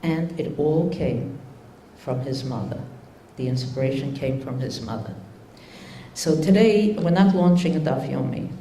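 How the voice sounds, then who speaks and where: A woman's voice: rumbling low, a little slow, warm tone, slight background noise. An older woman giving a religious talk to an audience, telling a story unhurriedly with many fillers and restarts. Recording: echoey room.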